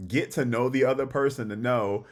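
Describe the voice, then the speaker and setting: This man co-hosts a relationship podcast, speaking at a normal speed with medium pitch. He chats casually about relationships and tells animated little stories, acting out the quoted lines.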